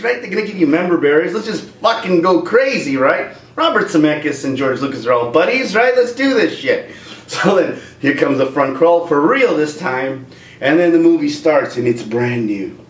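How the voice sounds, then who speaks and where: A man rants through a movie review, joking as he goes. His voice sits a bit high and swings up and down with lots of energy. The sound is roomy and echoey, with the mic set a little away from him. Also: normal speed, recorded from a distance. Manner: animated, joking rant. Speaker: YouTube comedian and reviewer.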